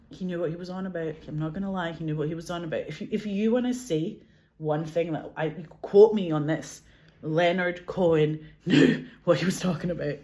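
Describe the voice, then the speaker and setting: Animated Glasgow woman, laughing and swearing. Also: lowish voice. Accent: Glasgow Scottish. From Scotland. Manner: animated, laughs often, swears, heavy "like" fillers. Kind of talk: casual chat.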